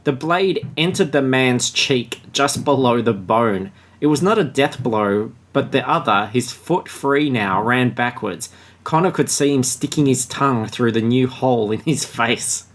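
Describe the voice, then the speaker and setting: A man's voice: medium pitch, lively intonation, unhurried. A man hosting a podcast, chatting casually and sarcastically about a book and reading passages aloud. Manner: crude, joking, sarcastic. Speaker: podcast host.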